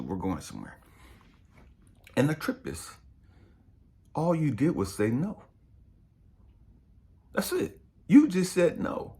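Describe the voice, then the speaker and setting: A man's voice: fairly high pitch, a little mellow. A middle-aged man, a spiritual coach, preaching in an impassioned, emphatic way and swearing freely. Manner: profane, emphatic, passionate.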